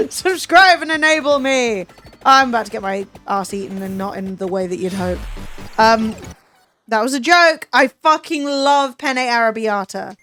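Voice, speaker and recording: A young woman chatting casually with her livestream viewers, animated and swearing freely. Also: fairly high pitch, measured pace, soft background music. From Southern Italian family. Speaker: streamer.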